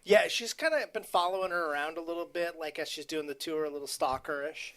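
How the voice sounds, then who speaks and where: A man's voice: on the high side, fast talker. A man co-hosting a casual movie podcast, explaining details with lots of "uh" fillers. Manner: lively, explains with hesitant fillers. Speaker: podcast co-host.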